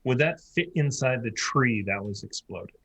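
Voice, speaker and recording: A man's voice: mid-range voice, expressive, unhurried, fairly bright tone, husky. A man playing a tabletop game, asking probing questions. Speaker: player. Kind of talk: casual tabletop play.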